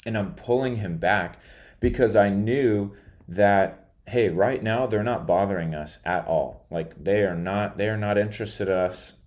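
A man's voice: sits low, darkish tone. A man podcaster telling a story in a casual monologue, rambling and hesitant, drowsy after a nap. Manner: rambling, hesitant, many filler words.

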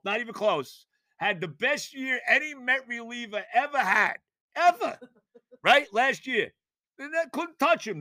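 An older man, hosting a sports podcast and ranting in exasperation with loud, theatrical outbursts. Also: very high-pitched, no room sound, studio quality. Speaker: podcast host. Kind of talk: sports rant.

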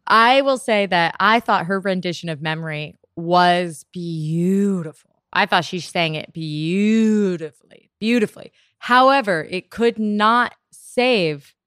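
A woman in casual chat, joking and playful, with a very expressive delivery. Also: fairly low pitch, slow, smooth, no room sound, studio quality.

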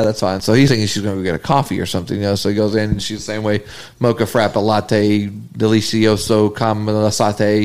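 A man in casual podcast chat, telling funny stories, laughing often and acting out quotes in a higher voice. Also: darkish tone. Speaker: podcast co-host.

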